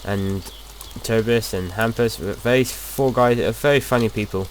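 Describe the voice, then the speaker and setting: A man's voice: on the low side, a little slow, a little hiss or hum. A young man casually talking through his gameplay as a video host, rambling and chatty, often restarting his sentences.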